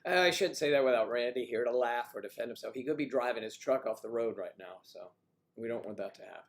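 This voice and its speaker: A man hosting a casual livestream chat, joking with callers and clearing his throat now and then. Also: medium pitch, fast talker. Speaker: livestream host.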